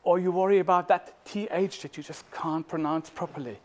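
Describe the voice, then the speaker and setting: A man's voice: sits high, fairly even intonation, brisk. German-accented man giving a playful talk. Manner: playful, warm storyteller, sings snippets. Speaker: speaker at a talk. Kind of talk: storytelling talk.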